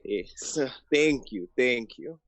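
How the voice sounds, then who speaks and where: A man voicing his pirate captain at a tabletop game, speaking slowly. His voice is dry and close, with little room sound. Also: medium pitch, lively intonation, fairly bright tone, no room sound. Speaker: player.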